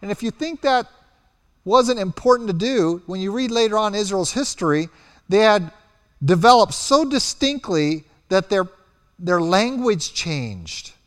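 A man preaching a sermon, telling the story with animated delivery and acting out quotes as he goes. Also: high-pitched, measured pace, long reverb tail.

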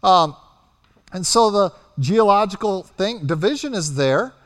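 A man preaching a sermon, telling the story with animated delivery and acting out quotes as he goes. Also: high-pitched, a little slow, long reverb tail.

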